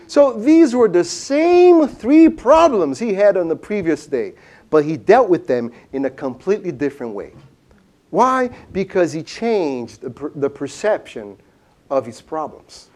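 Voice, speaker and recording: Male seminar speaker, lecture, animated storytelling, rhetorical questions, high voice. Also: unhurried.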